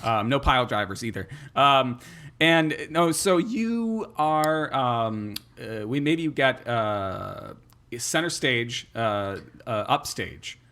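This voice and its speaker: A man's voice: mid-range voice, very animated, takes it slowly, bright, forceful tone. A man co-hosting a podcast in casual chat, joking dryly in a mock-authoritative way. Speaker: podcast co-host.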